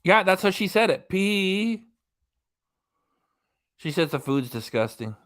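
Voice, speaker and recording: A man's voice: high voice, sing-song, slow pace, fairly bright tone. Man giving dry live-stream commentary. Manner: running commentary, reading out quotes, dry asides. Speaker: reaction channel host.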